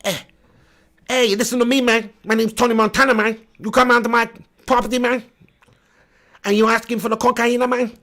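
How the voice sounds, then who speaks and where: A man's voice: extremely high pitch, flat delivery, brisk, pauses often, sharp tone, pitched above the performer's own voice. A man putting on an aggressive gangster voice, ending each phrase with a tough "man". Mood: menacing. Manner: tough, tags every line with "man". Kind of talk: live impression for a stream chat.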